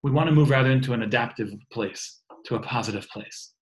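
Over a video call, a man in his thirties who works as a teacher gives an earnest, informal talk on faith and wellbeing, frequently repeating and restarting words. His voice is medium-pitched and fairly quick, and the audio quality is poor.

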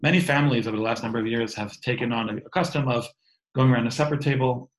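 An earnest teacher in his thirties speaks informally about faith and wellbeing, often restarting phrases and repeating words. His medium-pitched voice stays steady in tone as he talks fast, and the low-quality recording has a video-call sound.

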